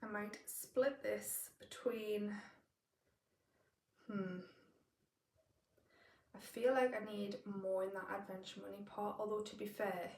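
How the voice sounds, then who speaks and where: Woman from the northeast doing her budget, kinda gravelly, sounds a bit far off in an echoey room. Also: mid-range voice, little pitch movement, takes it slowly, long pauses, a little mellow. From northeast England. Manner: thinking aloud, doing sums as she goes. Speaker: budgeting vlogger. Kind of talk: casual budgeting walkthrough. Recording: roomy, distant from the mic.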